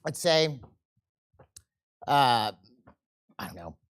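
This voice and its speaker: A man teaching a seminar, animated and often checking in with the audience, and acting out quoted people in changing voices. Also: medium pitch, drawn-out words, clear, resonant tone. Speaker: seminar instructor. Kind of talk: live seminar lecture.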